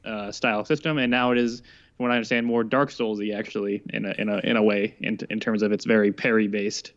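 A man in casual chat, thinking out loud and hesitating as he sets up his questions. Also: on the low side, flat delivery, fast, highs cut off.

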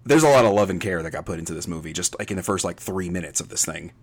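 A man's voice: low voice, lively intonation, rapid-fire. A man hosting a podcast, recapping a film in a casual, joking way. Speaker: podcast host.

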